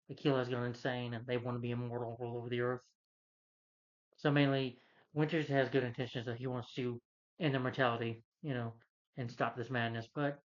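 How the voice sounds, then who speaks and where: A man's voice: medium pitch, muffled recording. A man reviewing a film, casually retelling its plot in a loose, rambling way with plenty of "you know".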